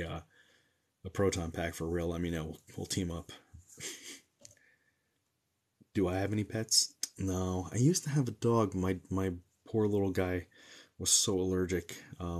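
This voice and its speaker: Husky low-voiced guy chatting on a livestream. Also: a little mellow. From New Jersey. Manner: chatty, joking, reacts to comments aloud. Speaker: medium doing a livestream Q&A. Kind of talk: casual livestream chat reading comments.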